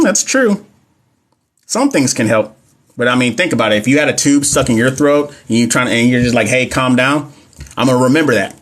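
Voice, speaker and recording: A young man, teaching nursing exam questions on a casual livestream and answering viewers' comments as he goes. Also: medium pitch. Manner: chatty, reads questions aloud, talks back to viewer comments. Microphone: phone or webcam mic.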